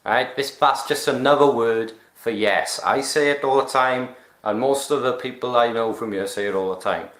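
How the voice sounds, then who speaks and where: A man's voice: mid-range voice, moderate pace, a bit bright, reverberant. A young man from Wales with a Welsh accent, chatting casually about local slang, rambling, swearing and poking fun at himself. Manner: rambling, self-mocking, swears and laughs at himself. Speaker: vlogger.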